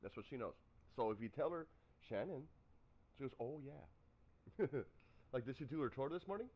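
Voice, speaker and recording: A man chatting casually on a live stream, telling stories in an animated way and acting out what people said. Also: medium pitch, moderate pace, husky, lo-fi sound. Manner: animated storytelling, acts out quotes. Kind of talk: casual chat.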